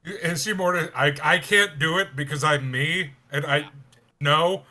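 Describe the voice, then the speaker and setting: A man chats casually as a player in a tabletop game, joking and laughing often. His voice sits a bit high and sounds bright. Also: a little slow.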